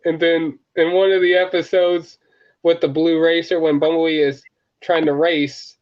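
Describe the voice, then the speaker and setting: Animated man with a dull lo-fi sound. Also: a little high. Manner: animated, laughs often, puts on quick character voices. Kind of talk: casual chat.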